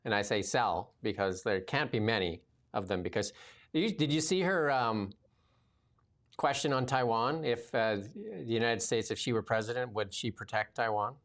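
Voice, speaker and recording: A man's voice: medium pitch, lively intonation, normal speed, a bit bright. A man hosting a casual political talk show, rambling with many fillers. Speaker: podcast host.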